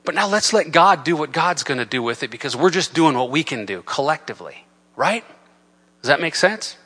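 A man preaching a sermon in a church. He reads scripture in a solemn cadence and builds from soft, low talk to loud, raised preaching. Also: lively intonation, fairly quick, husky. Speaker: pastor. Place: church sanctuary.

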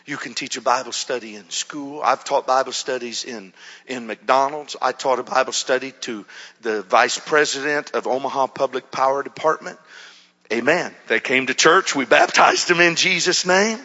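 Preacher guy telling stories, bright voice, gets loud then quiet, big echoey hall kinda muffled. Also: medium pitch. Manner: animated storytelling, swings from hushed to loud. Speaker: pastor. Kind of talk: storytelling sermon.

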